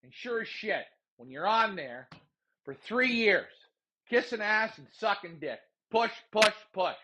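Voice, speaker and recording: On a casual livestream, a man hosting a pigeon racing show rants heatedly, full of profanity and repetition, before calmly explaining how he handles his birds. His voice sits high and his pace is measured.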